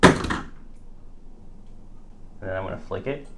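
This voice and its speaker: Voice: slow pace, a bit bright, faint music behind. A co-host running a guessing-game challenge, teasing and laughing often in casual banter.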